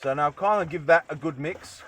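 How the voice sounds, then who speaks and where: A man's voice: fairly high pitch, normal speed, fairly bright tone, low-quality recording. A young Australian man chatting casually while cooking in a van, rambling with jokey asides. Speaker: cooking vlogger. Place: van kitchen.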